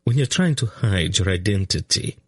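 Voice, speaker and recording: Guy doing a cool clever spy, low and calm, storybook. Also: normal speed, breathy edge, dry recording, studio quality. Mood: knowing. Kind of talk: audiobook character voice.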